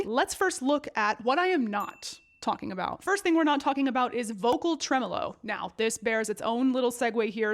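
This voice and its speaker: A woman opera singer in her thirties talks to camera in a chatty, playful way, full of asides and quick self-corrections. Her voice sits a little high, with faint music underneath. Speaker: opera singer and video host. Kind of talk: casual educational talk to camera.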